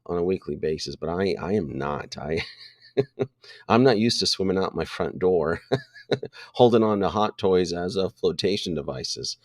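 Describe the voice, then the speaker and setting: A man's voice: low-pitched, no echo, clean studio sound. A man hosting a casual live stream, greeting viewers one by one and joking loosely, with many fillers and restarts. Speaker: livestream host greeting viewers.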